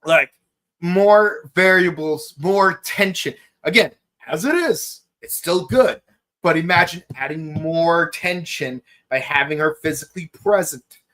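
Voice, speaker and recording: A man in his thirties hosting a podcast, gushing through an excited solo review with many fillers and exclamations. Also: fairly high pitch, a little slow. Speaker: podcast host reviewing an episode.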